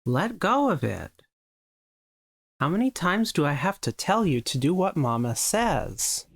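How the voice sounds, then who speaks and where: A stern, exasperated mother scolding her child in clipped, drawn-out lines, her pitch swinging up and down as she loses patience, as a streamer reads her part in a visual novel. The delivery is slow and deliberate. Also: sing-song. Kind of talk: reading a visual novel aloud.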